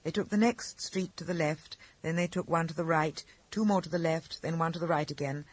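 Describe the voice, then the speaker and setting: A man narrating an audiobook of short stories with a lively, expressive reading. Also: fairly high pitch, brisk, dry recording. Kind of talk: scripted narration.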